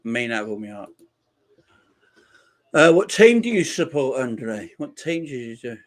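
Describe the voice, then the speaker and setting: A man hosting a live football watchalong, chatting casually, reading out viewer messages and repeating his shout-outs. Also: mid-range voice, animated, unhurried. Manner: rambling, repeats phrases. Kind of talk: casual live-stream chat.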